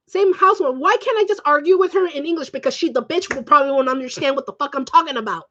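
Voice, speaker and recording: A woman's voice: high-pitched, fast, hardly any pauses, a bit bright, muffled recording. A young woman who grew up speaking Spanish, ranting emotionally and swearing in a home vlog. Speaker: vlogger.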